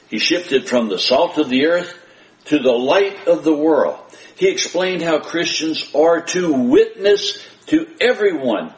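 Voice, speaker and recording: A man preaching a sermon as pastor, earnest and emphatic, repeating his key phrases and addressing his congregation directly. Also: on the high side. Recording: roomy church sound.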